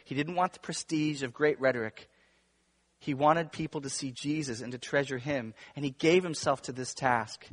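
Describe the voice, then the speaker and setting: A man's voice: medium pitch, normal speed. Man preaching in an echoing sanctuary. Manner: swings between hushed and emphatic. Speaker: pastor. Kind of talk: sermon. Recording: long reverb of a large room.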